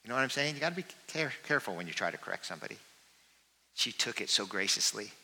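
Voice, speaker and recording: A man preaching a sermon as pastor, earnest and moving between lifted calls and soft confiding asides. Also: fairly low pitch, very animated, fast, gravelly, husky. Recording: hall reverb.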